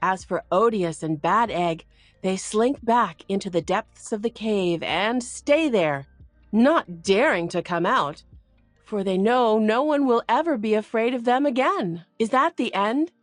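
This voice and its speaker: A woman reading a children's picture book aloud in an expressive way. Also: dry recording, soft background music. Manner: expressive and slow, very lively pitch. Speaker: read-aloud narrator.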